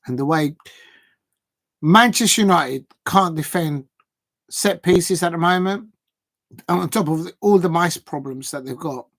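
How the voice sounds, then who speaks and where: Hosting a football livestream, a man chats casually with viewers and reacts to them, rambling and thinking aloud with plenty of fillers. His voice is a little high and fairly bright, with a measured pace and long pauses.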